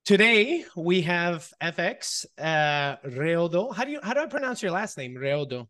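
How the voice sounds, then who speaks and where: Host guy, voice on the higher side, lots of uhs, reads out the guest bio then asks questions. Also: big pitch swings, moderate pace, bright, forceful tone. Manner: filler-heavy, friendly, reads a guest bio aloud. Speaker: show host, interviewer. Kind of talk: interview hosting.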